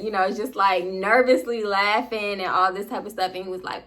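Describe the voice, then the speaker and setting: A young woman telling a personal story to camera in a casual, animated way, laughing often and dropping into hushed asides, in African American Vernacular English. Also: mid-range voice, normal speed, few pauses. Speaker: storytime vlogger.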